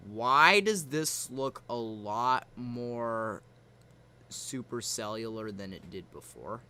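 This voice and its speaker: A young man co-hosting a weather livestream, joking and bantering with dark humor. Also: medium pitch, expressive, slow pace, slight background noise. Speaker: weather stream co-host. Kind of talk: casual livestream weather talk.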